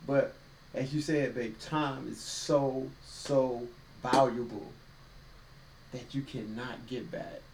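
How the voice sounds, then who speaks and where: A man's voice: mid-range voice, steady tone, slow, darkish tone, slight background noise. A man co-hosting a casual faith-based podcast, talking in a folksy, preachy way with quoted voices. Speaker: podcast co-host. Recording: roomy echo, distant mic, faint ambience.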